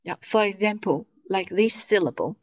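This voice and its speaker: A woman's voice: mid-range voice, lively intonation, moderate pace, highs cut off. A woman teaching an online lesson in English, patient, stretching out syllables as she models them over a video call. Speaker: Mandarin teacher.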